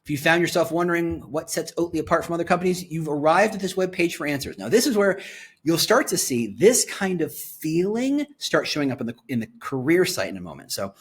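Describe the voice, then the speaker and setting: Excitable husky man reviewing websites. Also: on the high side. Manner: excitable, reads site copy aloud and reacts. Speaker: employer branding commentator. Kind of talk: screen-share website review.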